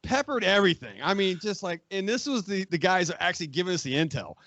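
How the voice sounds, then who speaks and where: A man in his forties, a magazine editor, telling a profane, animated war story on a podcast and acting out what others said. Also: high voice, fast talker, no echo, highs cut off. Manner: profane, animated, acts out quoted voices. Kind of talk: casual storytelling, war anecdote.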